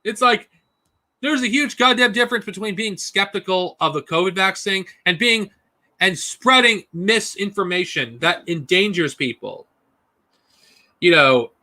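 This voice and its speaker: A man's voice: high voice, a little slow, bright, forceful tone. A man ranting angrily and profanely on a live stream. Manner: angry profane ranting, mocking put-on whines.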